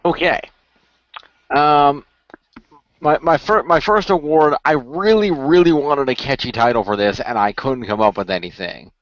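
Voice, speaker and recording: A man's voice: on the high side, unhurried, dry recording. Wry, stammering man on a lo-fi podcast. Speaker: podcast co-host. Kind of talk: casual chat. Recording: dull lo-fi dry sound.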